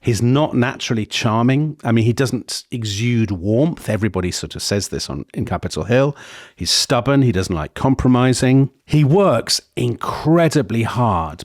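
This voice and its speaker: A man co-hosting a history podcast, telling the story in a lively, digressive way with frequent self-corrections. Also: mid-range voice, no room sound, studio quality. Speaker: podcast co-host.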